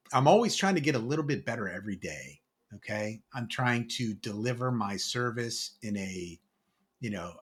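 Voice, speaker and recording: A man's voice: mid-range voice, a bit bright. Emphatic man in casual chat. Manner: emphatic, tags points with "right?". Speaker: podcast co-host. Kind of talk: casual conversation.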